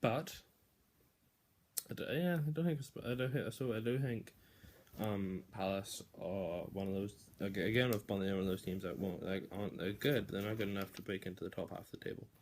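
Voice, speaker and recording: A man's voice: fairly low pitch, brisk, darkish tone, a little hiss or hum. A young man casually giving football predictions, rambling, swearing and restarting sentences often.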